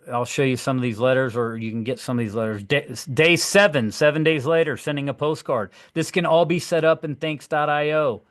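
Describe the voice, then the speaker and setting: A middle-aged man coaching fellow agents, acting out conversations with clients in a lively, animated way. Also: medium pitch, dry recording, studio quality. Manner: lively, acts out dialogues with clients. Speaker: real estate agent and trainer. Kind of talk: coaching session talk.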